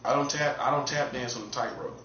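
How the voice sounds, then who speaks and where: A man's voice: steady tone, brisk, sharp tone, slight background noise. Taunting preacher man, roomy lo-fi sound. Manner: taunting, repetitive, swings from mocking highs to low earnest tones. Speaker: street preacher. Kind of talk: provocative monologue. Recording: roomy dull lo-fi recording with faint ambience.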